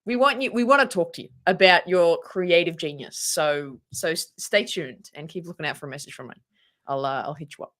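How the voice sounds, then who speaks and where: A woman's voice: fairly low pitch, a little fast, a bit bright. A woman co-hosting a live stream in casual chat, cheeky and chatty, laughing often.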